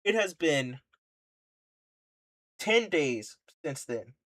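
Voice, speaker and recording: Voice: medium pitch, very animated, very slow, a bit bright. Brief: streamer, mid-register voice, angry reaction rant with repeated emphatic lines. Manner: indignant, impassioned ranting; rhetorical questions, repeats for emphasis.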